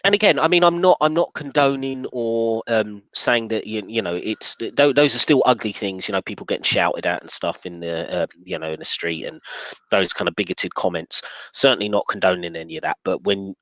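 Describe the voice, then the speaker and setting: A man's voice: on the low side, brisk, fairly bright tone, dry recording, low-quality recording. A man hosting a casual discussion, talking in a hesitant way with many restarts and fillers.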